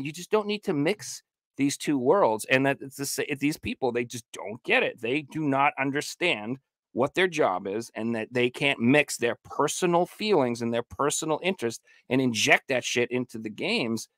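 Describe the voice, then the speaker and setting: A man's voice: fairly high pitch, fairly bright tone, no room sound. A man ranting emphatically and with plenty of swearing in a casual podcast chat. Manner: emphatic, profane, heated ranting. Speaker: podcast co-host.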